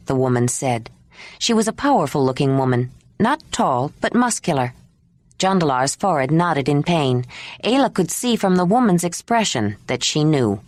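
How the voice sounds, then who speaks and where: A woman reads an audiobook aloud with a low, animated voice. The sound is dry and close. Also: moderate pace, no room sound. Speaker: audiobook narrator. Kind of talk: scripted narration.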